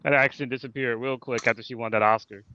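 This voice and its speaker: A man recalling stories in a casual group chat, relaxed and chuckling. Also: medium pitch, fast talker, lo-fi sound, a little hiss or hum. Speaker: watch party co-host.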